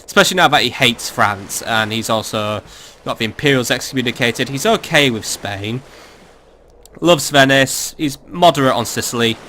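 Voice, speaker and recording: Bright-voiced sardonic gaming commentator, a man. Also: mid-range voice, moderate pace, slight background noise. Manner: sardonic, swears freely, thinks aloud with fillers. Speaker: let's play host. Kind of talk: casual gameplay commentary.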